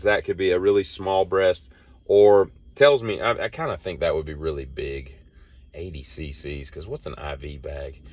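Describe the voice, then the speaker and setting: A man's voice: sits low, fairly even intonation, normal speed, no room sound. A man, hosting a rambling solo monologue and telling off-the-cuff stories that wander. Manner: meandering, off-the-cuff storytelling. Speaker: host.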